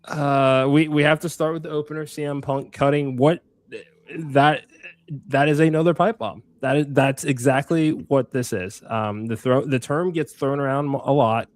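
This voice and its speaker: A man co-hosting a podcast in casual, energetic chat, leaning on fillers and dropping the occasional curse. His voice sits at a middling pitch and is recorded close and dry, with no room sound. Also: normal speed, dry recording. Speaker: podcast co-host.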